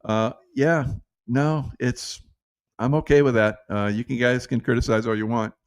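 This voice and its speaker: A man's voice: medium pitch, fairly even intonation, normal speed, smooth, dry recording, studio quality. A man vlogging a rambling political monologue, sarcastic and profane, chuckling as he goes.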